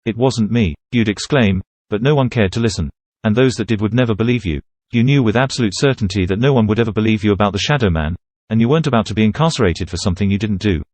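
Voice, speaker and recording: A man reading a second-person horror story in a measured, steady narrating voice. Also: lowish voice, no room sound.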